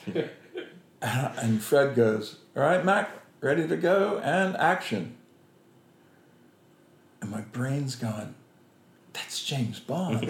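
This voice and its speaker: A man's voice: lowish voice, reverberant. A man telling an anecdote as an interview guest, acting out the lines of the people in his story and laughing often. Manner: animated, acts out quoted voices, laughs often.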